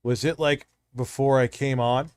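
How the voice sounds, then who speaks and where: A man's voice: mid-range voice, fairly even intonation, a little slow, clean tone, dry recording, clean studio sound. A man hosting a live stream, chatting casually and rambling with heavy profanity as he talks straight to his chat.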